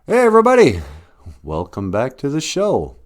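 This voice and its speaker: Pitched a little high, this man's voice swings hugely up and down at a moderate pace. Hosting a podcast, he jokes around casually, laughs a lot, slips into sung bits, and mocks quoted people with sarcastic voices.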